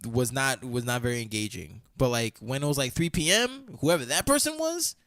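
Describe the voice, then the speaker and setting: A young man in a casual podcast chat, telling a story with a pitch that swings widely up and down. He is animated and acts out other people's lines. The sound is dry and close, with no room echo. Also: moderate pace. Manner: animated storytelling, acts out quoted dialogue, laughs often. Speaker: podcast co-host.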